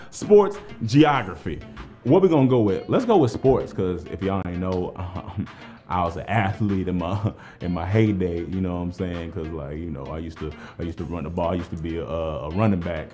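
A man's voice: medium pitch, darkish tone. Hype trivia host guy, joking around, voice all over the place, little music underneath. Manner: hyped-up, playful, jokey, talks straight to the players. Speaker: trivia game show host. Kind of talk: hype live game hosting.

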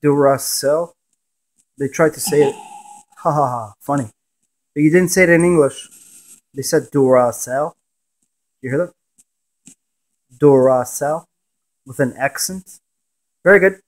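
A man with a fairly high voice runs a ghost-hunting spirit box session. He fires off short questions and echoes back the words he catches, now and then dropping to a near mutter. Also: measured pace, long pauses. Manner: asks short questions and repeats the answers he hears. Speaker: paranormal investigator.

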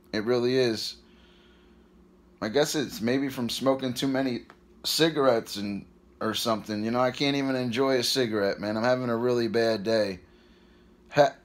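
A man in his thirties talks straight to his viewers in a casual vlog, hiccuping as he goes. His voice sits at an ordinary middle pitch, and his talk rambles along in a weary, stressed way. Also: a bit bright. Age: 30s. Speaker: vlogger.

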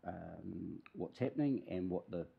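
A man with a New Zealand accent, a councillor, raising a concern in a halting way at a council meeting. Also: sits low, animated, creaky, breathy edge, narrow, tinny audio. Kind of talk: formal meeting remarks.

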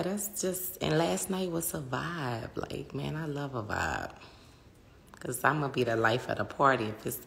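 A woman's voice: extremely low pitch, vocal fry, sharp tone. A woman in her thirties with a New Orleans accent, chatting casually on a phone livestream, swearing freely and answering her viewers' comments. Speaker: livestream host.

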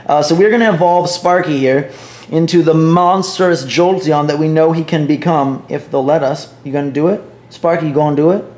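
A young man giving casual, jokey commentary on a mobile game, playful and excitable. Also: on the high side, echoey room. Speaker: gaming vlogger.

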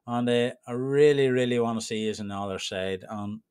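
A man's voice: mid-range voice, fairly quick, a little mellow, clear, resonant tone, dry recording, clean studio sound. A man with an Irish accent, a trading mentor who walks new members through his group in a rambling, informal way. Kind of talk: casual screen-share walkthrough.

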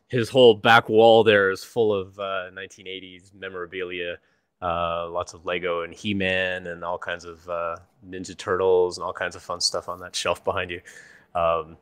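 A man from the United States hosts a casual live stream over a video call. His voice sits low, and he chats in a friendly way with frequent fillers. The sound is dry and close. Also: a bit bright, clear, resonant tone, no room sound. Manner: friendly, chatty, many fillers. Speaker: host, developer advocate.

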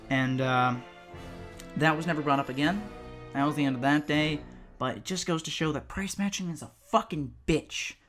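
A retail worker recounting a frustrating customer in a storytime vlog, swearing freely and ranting. The voice is bright and sharp-edged, and soft background music plays faintly underneath. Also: mid-range voice. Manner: profane, exasperated, ranting. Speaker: retail cashier telling a work story.

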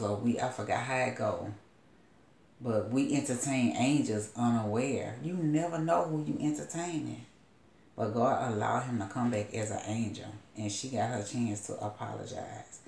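A woman's voice: extremely low pitch, gravelly, a little mellow, roomy sound, slight background noise. A woman prophetess retelling a story as a sermon, in a loose, rambling storytelling manner with asides.

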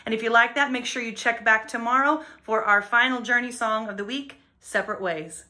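Bright high-voiced woman vocal coach. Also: fairly quick. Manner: explains technique plainly, then sings short demo lines. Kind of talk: singing lesson with sung demonstrations.

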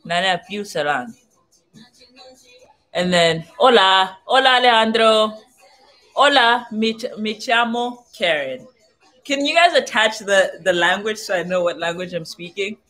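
A woman's voice: medium pitch, expressive, unhurried, a bit bright. A young woman from southern Africa chatting casually as a vlogger, playfully sounding out foreign phrases one by one. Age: young adult. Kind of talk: casual livestream chat. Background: faint music playing.

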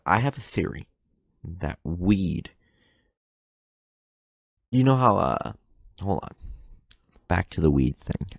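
A young man's low, gravelly voice fills a solo podcast recorded at home. He rambles from thought to thought, breaking off his own sentences and cursing without a second thought. His mouth is close to the mic, and the sound is dry. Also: sing-song, takes it slowly, long pauses, dry recording. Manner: rambling, self-interrupting, swears casually. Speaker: podcast host. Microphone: close microphone in front of face.

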